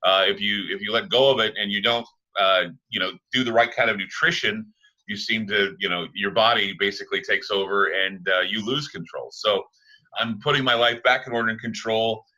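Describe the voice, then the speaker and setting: Low, bright-voiced male talk host. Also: steady tone, rough recording. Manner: halting, with frequent "uh" fillers. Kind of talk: casual interview chat.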